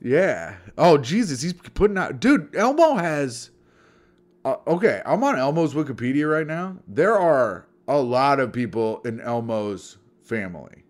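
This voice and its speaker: A man's voice: mid-range voice, very animated, unhurried. A man co-hosting a podcast, chatting casually with crude jokes and put-on voices. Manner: crude, joking, puts on silly voices. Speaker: podcast co-host. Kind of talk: casual comedic chat.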